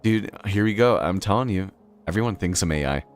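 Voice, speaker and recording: A man's voice: low-pitched, animated, a little fast, soft background music. A man from Boston with a Boston accent, chatting casually on a game live stream, rambling with lots of fillers and frequent laughs. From Boston, Massachusetts. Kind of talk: casual live-stream chat while playing.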